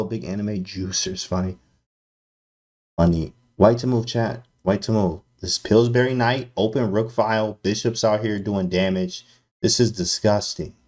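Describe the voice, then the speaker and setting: A man's voice: fairly low pitch, a little mellow. A man streaming live chess commentary, slangy and hyped, talking straight to his chat.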